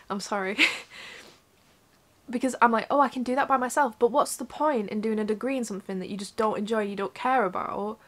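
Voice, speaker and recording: A young adult woman vlogger, mid-range in pitch with a fairly bright tone, talks candidly to her camera indoors at her mother's home. She's frank and rambling, swearing often and close to tears.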